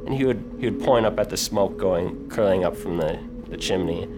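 Low-voiced man running a tabletop game. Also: normal speed. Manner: casual, filler-heavy narration. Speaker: game master. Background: music.

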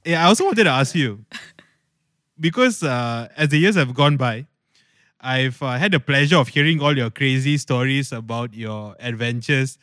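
A man's voice: medium pitch, normal speed, a bit bright, smooth, dry recording, clean studio sound. A man with a Malaysian English accent, hosting a casual podcast chat and telling stories with enthusiasm. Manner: chatty, enthusiastic storytelling. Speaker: podcast host.

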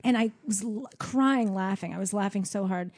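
A woman's voice: medium pitch, normal speed, darkish tone, no echo, clean studio sound. A woman co-hosting a podcast, chatting casually, laughing often and trailing off mid-sentence. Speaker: podcast co-host.

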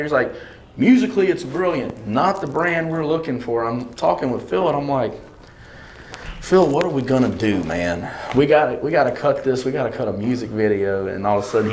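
A man, a singer telling lively anecdotes in an interview, acting out the voices of the people he quotes and laughing often. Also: mid-range voice, slight background noise. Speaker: singer and bandleader. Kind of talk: animated storytelling in an interview.

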